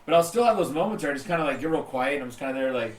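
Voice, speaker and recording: A man's voice: medium pitch, lively intonation, rapid-fire, reverberant, a loud crowd. A man hosting a podcast, chatting casually and loosely with many fillers. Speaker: podcast host and singer.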